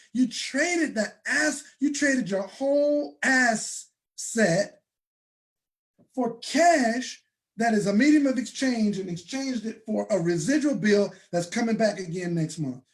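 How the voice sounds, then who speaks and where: Emphatic man pitching to a crowd. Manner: emphatic, preacher-like, with bursts of shouting and slow stressed phrases. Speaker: presenter. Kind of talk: motivational sales talk to an audience.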